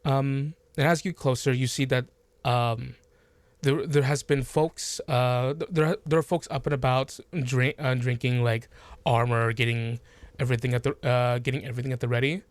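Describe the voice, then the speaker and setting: A man running a tabletop fantasy game as game master, narrating slowly with many fillers and restarts. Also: mid-range voice, steady tone, dry recording.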